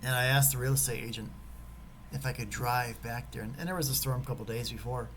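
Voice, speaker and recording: A man giving a motivational talk and telling a personal story. He is animated and swings between loud emphasis and hushed whispers. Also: medium pitch, a little fast, slight background noise, poor audio. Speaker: motivational speaker.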